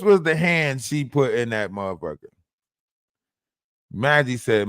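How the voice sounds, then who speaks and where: A man's voice: mid-range voice, expressive, measured pace, fairly bright tone, dry recording, studio quality. A man hosting a livestream, ranting in a taunting, profane way and repeatedly asking "huh?" at his target. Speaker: livestream host. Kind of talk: profane live-stream rant.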